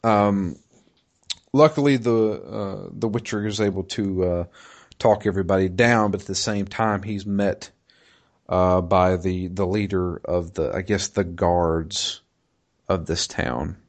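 Slow, deep-voiced man chatting. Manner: halting, many fillers and restarts. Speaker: podcast co-host recapping a video game. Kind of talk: casual chat.

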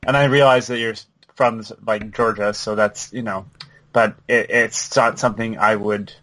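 A man co-hosting a podcast, chatting casually and quickly about a video game with many asides. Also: fairly low pitch, fairly even intonation, a bit bright. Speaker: podcast co-host.

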